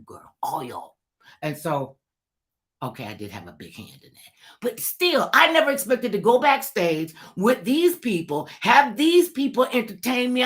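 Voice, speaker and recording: Middle-aged woman telling a wild story, lowish voice that jumps all over, acts out everyone's lines. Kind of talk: animated anecdote telling.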